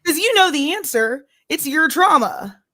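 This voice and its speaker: Woman co-host, fairly high voice, dry close sound, blunt and jokey. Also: animated, moderate pace, bright, forceful tone, no echo. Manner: blunt, profane, joking. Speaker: podcast co-host. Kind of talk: casual chat.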